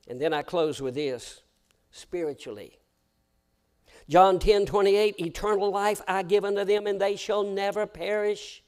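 Older preacher guy, high voice, goes quiet then yells, church sermon. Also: fairly even intonation, measured pace. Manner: swings from hushed to shouting. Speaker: pastor. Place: church sanctuary.

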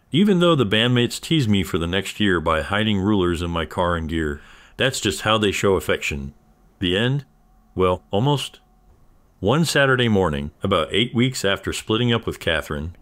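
A man reading a scripted first-person story in an even, measured way. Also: on the low side. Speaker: narrator.

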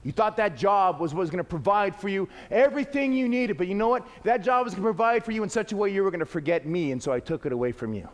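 A man preaching voices God as a firm, protective father, speaking low, measured and earnest, with long hall reverb. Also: lively intonation.

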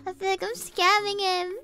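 A young woman streaming casually, giggling often, talking about herself in the third person and dropping a cute "mo" tic. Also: high voice. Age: young adult. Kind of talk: casual livestream chat. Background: faint background music.

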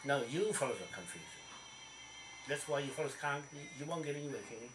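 A man's voice: fairly high pitch, lively intonation, fast talker, music in the background. Blunt, profane New man. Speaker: vlogger. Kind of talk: casual to-camera talk.

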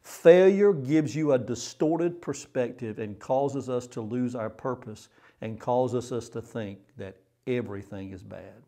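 A man's voice: medium pitch, a little slow, mellow. A male pastor preaching a sermon in an earnest way, repeating phrases for emphasis.

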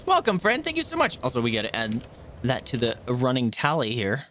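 Brisk and mid-range, the man's voice comes with slight background noise as he streams a game. He keeps up casual commentary for viewers, excitably yelping and swearing while he plays.

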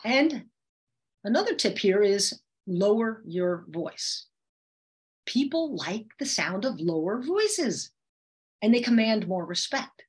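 A woman communication coach leads a webinar over a video call, speaking in a slightly husky, mid-range voice. She teaches in an explanatory way and often shifts her voice to show what she means. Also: mid-range voice, sing-song, slow pace. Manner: demonstrative, shifts her voice to illustrate points.

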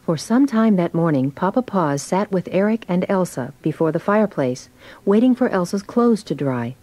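A woman giving gentle, clear scripted narration of a storybook read-along. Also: lowish voice, animated, normal speed, low-quality recording.

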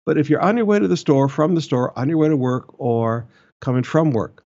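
A man's voice: on the high side, fairly quick, warm tone, lo-fi sound. An older man preaching as a pastor, earnest and repeating his key points for emphasis. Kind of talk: sermon and church announcements. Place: church in the Philippines.

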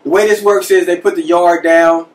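A man casually telling a personal story from his past as a podcast host, conversational and animated, acting out the people he quotes. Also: sits high, normal speed, recorded from a distance, low-quality recording.

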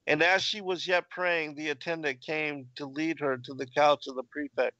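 A man giving a scripted narration of an ancient text in a plain, measured way. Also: a little high, flat delivery, sharp tone, no room sound, dull audio. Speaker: reader of ancient texts.

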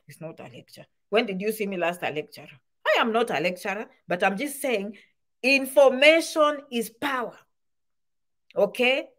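A woman's voice: on the high side, lively intonation, moderate pace. A woman giving casual advice to camera, full of rhetorical questions and repeated points. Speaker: immigration advice vlogger.

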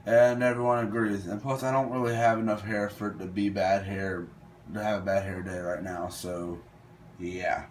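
A man's voice: fairly low pitch, flat delivery, moderate pace, slight background noise. A young man casually commenting while playing a would-you-rather game, thinking aloud and hesitating over his picks. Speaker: gaming video host.

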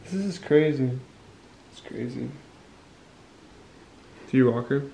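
A woman's voice: a bass voice, takes it slowly, creaky, mellow, echoey room. A woman in casual family chat, nervous and giddy, repeating herself as she meets a newborn. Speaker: mother meeting her newborn niece.

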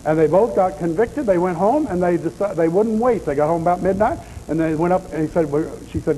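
A man's voice: sits high, a little fast, hardly any pauses, warm tone, rough recording. A man preaching a deliverance sermon in a folksy, blunt storytelling manner, with faint noise in the background.

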